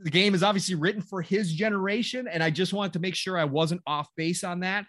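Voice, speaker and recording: A man's voice: sits high, fairly quick, fairly bright tone, no room sound. A man in his forties co-hosting a casual gaming chat, rambling with lots of fillers and a sarcastic edge. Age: 40s. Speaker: podcast co-host.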